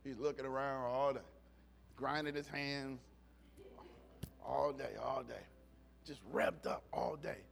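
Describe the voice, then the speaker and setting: A man with a gravelly, mid-range voice speaks slowly and steadily, pausing often, as he preaches at a church service. His sermon is folksy and conversational, full of back-and-forth quips and amens with the congregation, and he jokes and raises his voice for funny stories.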